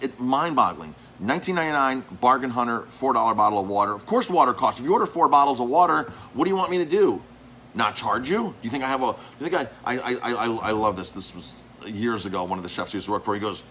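A man, a restaurant owner and chef, talking casually and telling animated stories about difficult customers, often repeating words and acting out the arguments. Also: fairly low pitch, slight background noise. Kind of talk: casual vlog monologue. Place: his restaurant.

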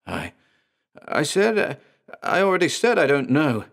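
A man's voice: on the high side, wildly swooping pitch, slow, gravelly, pitched above the performer's own voice, full character voice. A man voicing a nervous male guest in an audio horror story, who stammers and speaks tremulously. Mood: flustered.

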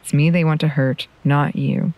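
A woman reading a story, voicing a protective mother who speaks calmly and firmly. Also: sits low, moderate pace, no echo, phone-quality sound. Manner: calm, firm delivery. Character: protective mother, firm but gentle.

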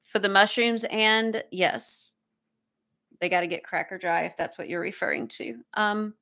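A woman's voice: mid-range voice, measured pace, pushed and bright. A woman hosting a casual livestream, reading viewer comments aloud and thanking people effusively. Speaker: livestream host.

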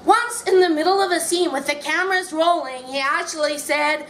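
A woman's voice: high voice, moderate pace, hardly any pauses, reverberant, very noisy. A woman author reading her memoir aloud at a bookshop event, wry and amused. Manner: wry, amused, often laughing between lines.

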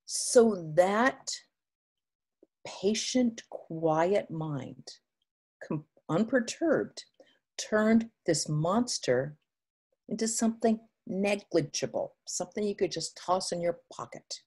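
A woman spiritual teacher giving a sermon, retelling an old legend with expressive, unhurried storytelling. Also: medium pitch, breathy edge.

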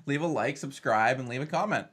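A young man co-hosting a reaction channel, chatting casually and excitedly in quick bursts. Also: mid-range voice.

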